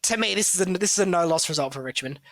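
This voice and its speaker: A man's voice: high voice, expressive, very fast, a bit bright, no room sound. A man talking casually on a podcast, analysing football picks with plenty of fillers and hedges. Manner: chatty, analytical, hedging with fillers. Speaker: football draft analyst, co-host.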